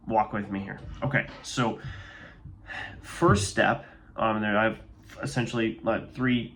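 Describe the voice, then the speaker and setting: A man's voice: on the low side, a little hiss or hum. A man who runs a landscaping business, giving casual, upbeat advice in a walk-and-talk vlog and often checking in with "okay?".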